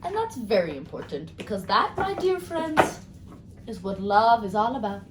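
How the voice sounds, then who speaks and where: A woman's voice: medium pitch, very animated, fairly quick, echoey room, heavy background noise. Bubbly rambling tarot-reading woman. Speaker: tarot reader. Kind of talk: casual tarot card reading.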